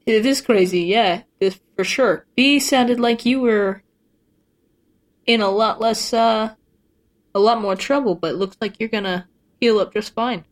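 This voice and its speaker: A woman's voice: a little high, a little slow, close to an everyday voice. A woman voicing a broke, wisecracking freelancer who hesitates and fills the talk with ums and jokes. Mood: casual. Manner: hesitant, full of fillers, joking.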